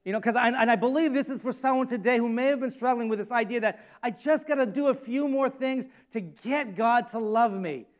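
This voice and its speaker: A man preaching a sermon as pastor, animated and acting out quoted voices with rising emphasis. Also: very high-pitched, brisk, hardly any pauses, dull audio.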